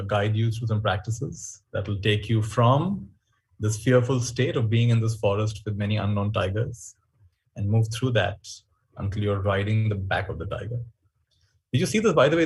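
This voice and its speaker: A man speaking in a webinar, telling stories in an animated, reflective way. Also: lowish voice, breathy edge. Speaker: workshop speaker. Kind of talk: webinar talk.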